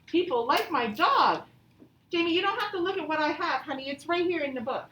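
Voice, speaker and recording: A woman teaching a grammar lesson to young pupils, patient and encouraging, reading example sentences out slowly. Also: very high voice, fairly bright tone, slight background noise. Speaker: elementary school teacher. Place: classroom, also streamed to pupils at home. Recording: echoey classroom from far off.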